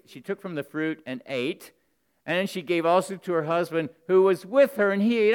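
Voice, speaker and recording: A man preaching a sermon to the men in his congregation, earnest and direct, swinging between loud emphatic bursts and low, close asides. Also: clean tone.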